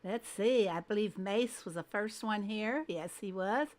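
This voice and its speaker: A woman's voice: mid-range voice, a little slow. A woman hosting a casual game livestream, greeting viewers one by one by name and thinking aloud as she adjusts her screen. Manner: thinks aloud while fiddling with settings.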